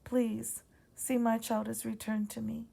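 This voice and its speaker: A woman voicing the ghost of a young aunt with a Southern accent, speaking softly and pleading for her murdered baby. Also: fairly high pitch, little pitch movement, unhurried, creaky, heavily acted. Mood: sorrowful. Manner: soft, pleading.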